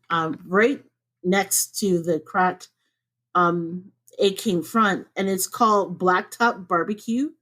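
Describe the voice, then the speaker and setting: A woman co-hosting a podcast from home, chatting casually and laughing often. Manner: chatty and laughs often, with lively swings up in pitch. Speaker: podcast co-host.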